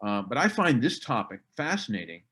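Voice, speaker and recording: A middle-aged man, a military historian, talking in a casual podcast conversation with animated delivery and mocking asides. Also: medium pitch, fairly quick, background noise. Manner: animated, mocking impressions of others.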